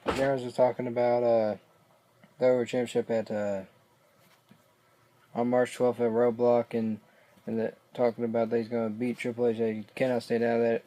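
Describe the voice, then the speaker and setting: A man's voice: medium pitch, little pitch movement, moderate pace, warm tone. A man casually recapping a show, rambling and hesitant, often losing his place mid-sentence. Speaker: wrestling reaction vlogger.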